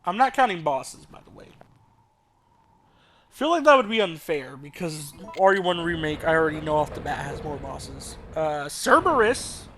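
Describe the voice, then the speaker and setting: Rambling man with a higher voice. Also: very animated, normal speed, fairly bright tone. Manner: rambling, casual, swearing, thinks aloud. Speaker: let's play host. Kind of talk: rambling gameplay commentary.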